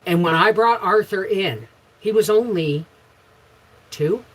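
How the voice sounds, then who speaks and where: A middle-aged woman hosting a casual livestream, chatting with viewers and telling frank, rambling stories with sudden loud bursts. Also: medium pitch, slow pace, low-quality recording. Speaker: homestead channel host.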